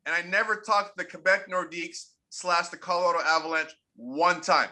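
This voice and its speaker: A man in his forties with a high, very bright and forceful voice, telling stories with emphasis in an interview. He repeats key points to drive them home. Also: fairly even intonation, fast. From Canada. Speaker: interview guest, former pro hockey player. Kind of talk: candid interview storytelling.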